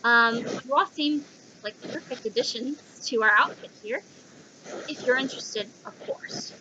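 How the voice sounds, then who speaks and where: A woman voicing an eager young female mage who leads a magical association, speaking in a bubbly, excitable way with many fillers. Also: a little high, a little slow, highs cut off, background noise, close to an everyday voice. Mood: welcoming.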